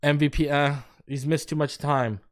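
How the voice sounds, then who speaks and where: A man hosting a sports show, chatting casually on a live stream, loose and jokey, rambling through shout-outs and a sponsor read. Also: fairly high pitch, level tone, moderate pace.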